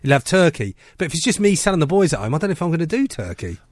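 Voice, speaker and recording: A chatty male breakfast radio host who rambles through his stories and keeps checking that everyone follows. His voice sits high for a man and moves lively up and down as he talks. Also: racing, dry recording. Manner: chatty, rambling, keeps asking "you know what I mean". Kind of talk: jokey breakfast radio banter. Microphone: studio microphone.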